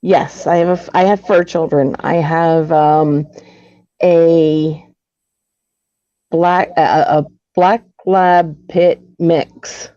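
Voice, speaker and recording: A woman guest in a casual conversation, speaking hesitantly and softly with many pauses. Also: lowish voice, steady tone, no room sound, dull audio.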